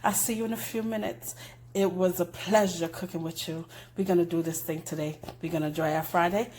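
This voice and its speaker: A woman's voice: lowish voice, fairly even intonation, fairly quick, darkish tone, poor audio. An older woman hosting a casual cooking show in her home kitchen, chatty and homey, sending blessings to her viewers.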